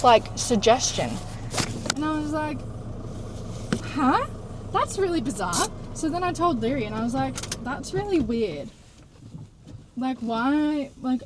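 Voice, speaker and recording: A woman's voice: on the high side, a little hiss or hum, poor audio. A young woman telling a story in casual chat, acting out the dialogue and swearing now and then. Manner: chatty, animated, acts out dialogue, swears casually. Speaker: vlogger. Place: in a parked car.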